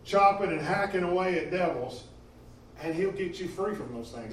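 A man preaching a sermon in a church, impassioned, swinging between loud emphasis and quieter stretches. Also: high voice, lively intonation, normal speed. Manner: impassioned, rising and falling in emphasis. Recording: echoey room from a distance.

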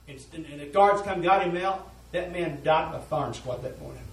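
A man's voice: fairly high pitch, a little fast, hardly any pauses. A man preaching a sermon, telling a story in an earnest, folksy way. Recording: roomy echo, voice from a distance.

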